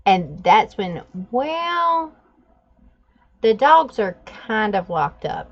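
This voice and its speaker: In a vlog, a woman with a low-ish, animated voice speaking a little slowly tells a story with laughs, then walks through a drawing tutorial in casual chat. The recording has a dull lo-fi sound.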